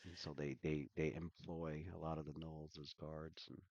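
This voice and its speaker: A man with a very low voice runs a tabletop game, talking through the setting in a rambling, easygoing way full of ums and uhs. His voice comes through a dry, slightly muffled stream mic. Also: flat delivery, moderate pace, a little mellow, no room sound. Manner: loose, rambling explanations with many fillers. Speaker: game master. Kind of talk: narrating a tabletop game, casual.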